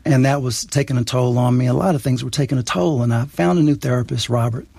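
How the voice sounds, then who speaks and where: A man's voice: medium pitch, fairly even intonation, fast talker, creaky, mellow, husky, no echo. A man, a writer and interview guest, telling a personal story in an earnest, reflective way.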